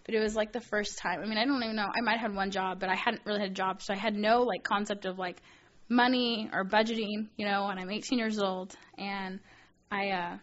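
A woman's voice: medium pitch, steady tone, a little fast, lo-fi sound. A young woman telling a personal story while teaching a women's Bible study, chatty and earnest, with lots of filler words.

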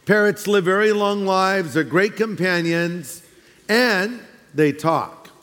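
A man's voice: high voice, slow, a bit bright. A man telling a joke as a pet shop owner. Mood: reassuring. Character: patient male pet shop owner giving advice. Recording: long hall reverb in a church.

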